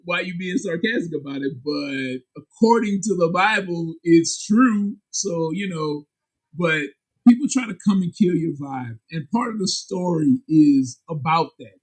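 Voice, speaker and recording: A man, a comic book publisher and guest, chatting casually in an animated, candid, slangy way. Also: breathy edge, poor audio. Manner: animated and emphatic, sharp jumps in pitch. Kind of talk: casual chat.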